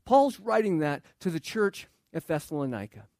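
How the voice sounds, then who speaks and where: A man's voice: fairly high pitch, sing-song, normal speed, darkish tone, dry recording. A man preaching a sermon as pastor, talking conversationally, repeating and restarting phrases and putting questions to the congregation.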